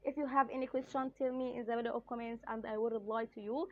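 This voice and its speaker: Woman teaching letters slowly. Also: fairly high pitch, fairly even intonation, phone-quality sound. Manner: slow, repetitive drilling of sounds. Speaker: Arabic teacher. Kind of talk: beginner language lesson.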